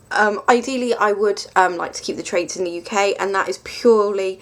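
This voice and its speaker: A woman's voice: mid-range voice, fairly quick, hardly any pauses. A woman chatting casually through a tarot deck review, rambling and self-mocking with lots of ums.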